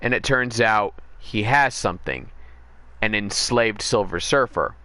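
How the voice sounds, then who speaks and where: A man's voice: on the low side, sharp tone, no room sound. A man streaming a game, casually retelling a comic story, often correcting himself and speeding up in bursts. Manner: rambling, self-correcting recap with quick bursts. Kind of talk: casual storytelling while gaming.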